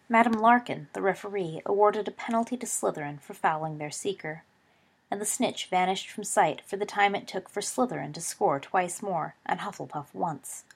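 Expressive woman reading a story aloud. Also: medium pitch, breathy edge. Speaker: narrator. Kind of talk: audiobook reading of fan fiction.

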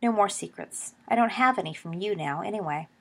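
A woman voicing a gentle teenage boy who speaks quietly and earnestly. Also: medium pitch, a little fast, creaky.

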